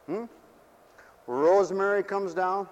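A man's voice: sits high, slow, muffled recording. A man pastor preaching a sermon in a mission church hall, folksy and joking, and he swings up into fervent hallelujahs.

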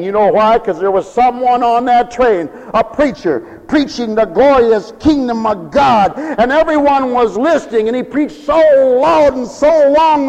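A man preacher telling a story as a sermon, animated and emphatic. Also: extremely high pitch, gravelly, big-room sound, low-quality recording.

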